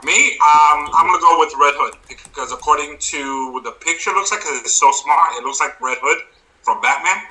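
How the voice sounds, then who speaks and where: Very bright, sharp male voice, playful co-host with silly reasons for his picks. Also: fairly high pitch, normal speed, poor audio. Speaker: podcast co-host. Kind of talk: casual chat.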